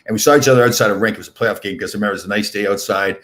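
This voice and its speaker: An older man in his sixties rattles off stories at a quick clip in a fairly low voice. He tells his anecdotes animatedly, stumbling over restarts. It's relaxed podcast chat. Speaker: podcast host and former pro hockey player. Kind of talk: casual storytelling chat.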